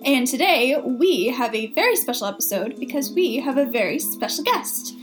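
A woman's voice: high-pitched, lively intonation, normal speed, faint music behind. A woman co-hosting a casual podcast, with bubbly, playful banter. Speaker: podcast co-host.

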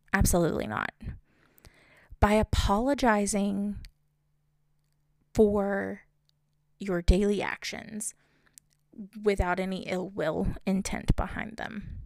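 A woman's voice: medium pitch, gravelly, a little mellow, dry recording, clean studio sound. A young woman talking through her own experiences in a casual, reflective monologue, often asking rhetorical questions. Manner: conversational, asks rhetorical questions.

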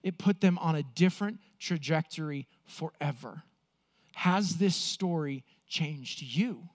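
A man preaching a sermon as pastor, earnest, slowing down for emphasis and acting out the quotes he reads. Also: fairly high pitch.

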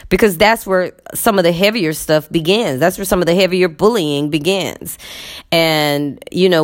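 Low-voiced woman telling a story. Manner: candid, conversational, lots of fillers. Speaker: teacher. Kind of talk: storytelling monologue.

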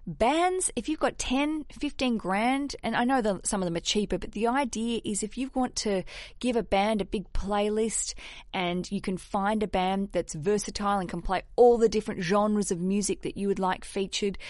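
A woman hosting a podcast, giving casual advice, animated and candid, swearing freely and laughing at herself. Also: mid-range voice, moderate pace, no echo, studio quality. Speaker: podcast host.

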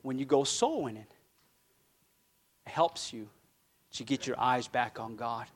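A man who is a pastor, preaching a sermon with fervent emphasis, swinging from loud declarations to quiet, earnest asides. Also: mid-range voice, unhurried. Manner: fervent preaching, rising loud then dropping soft.

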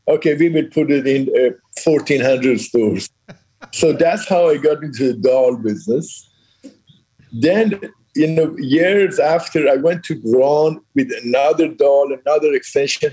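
A man's voice: mid-range voice, a little mellow, husky, rough recording. An older man, a company founder, telling business stories in an interview, acting out quoted dialogue with frequent laughs. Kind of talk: storytelling in a conversational interview.

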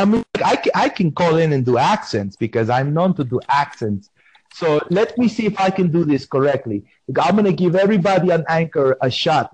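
A man's voice: on the high side, a little mellow, dry recording. A man hosting a podcast in a comic character persona, playfully insisting he has no accent, talking on a phone call.

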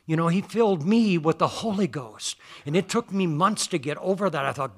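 Male preacher, bright forceful tone, slightly high voice, folksy and emphatic, church sermon. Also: lively intonation, normal speed, few pauses. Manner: folksy, emphatic, rising to loud declarations.

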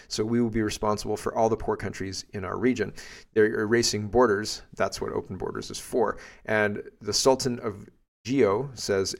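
A man's voice: fairly low pitch, creaky. A man hosting a podcast, commenting bluntly and with indignation on clips he plays. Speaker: podcast host.

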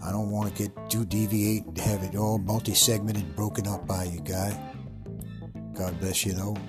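A man voicing a boastful, rambling Old West frontier showman who talks about himself in the third person, with a husky voice. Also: fairly low pitch, level tone, moderate pace, music in the background, voice pushed down, close to an everyday voice.

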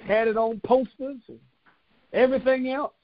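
A man with a high voice preaches, his folksy stories swelling into fervent, rousing exhortation. He calls on the congregation to answer him back. The recording is dull and lo-fi, with a faint hiss underneath. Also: fairly even intonation, moderate pace. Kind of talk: sermon.

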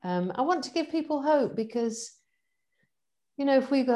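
A middle-aged woman in casual conversation, chatty and animated, laughing often as she talks about her events. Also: high voice, moderate pace. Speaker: event organizer and guest.

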